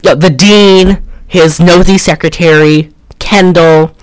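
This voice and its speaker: A man's voice: fairly high pitch, fairly even intonation, takes it slowly, dry recording. A man co-hosting a casual chat, recapping a film in a rambling, jokey way with lots of fillers. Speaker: podcast co-host.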